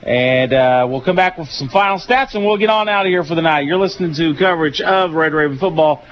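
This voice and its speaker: A man's voice: on the high side, fairly quick, faint music behind. Tired Southern man calling football on radio. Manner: relaxed, folksy, frequent fillers. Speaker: play-by-play announcer. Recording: dull lo-fi radio broadcast.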